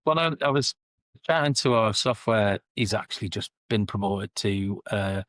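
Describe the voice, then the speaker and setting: A man's voice: fairly low pitch, expressive, normal speed, a bit bright, no room sound. A middle-aged man with a Geordie accent, a guest in a casual interview, telling amused anecdotes about his work. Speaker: guest, sales and customer success director.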